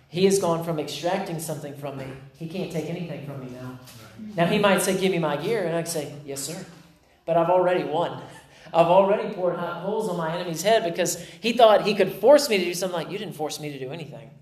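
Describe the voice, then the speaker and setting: A man's voice: on the high side, roomy sound. A man preaching a sermon in a loose, conversational way, acting out the voices of the people in his story. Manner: conversational, acts out quoted voices. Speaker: pastor.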